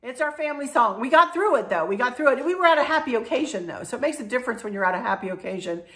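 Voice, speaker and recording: A woman's voice: on the high side, expressive, very fast, pushed and bright. Woman vlogger, middle-aged, chatty, emotional, rambling restarts. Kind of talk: casual chat to camera.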